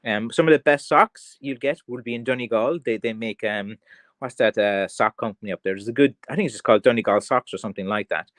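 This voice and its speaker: Irish male streamer, mid-pitched and chatty, rambling with lots of fillers, dry close recording. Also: fast, fairly bright tone, dry recording. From Ireland. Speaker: craft seller hosting a livestream. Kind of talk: casual livestream chat, reading viewer comments.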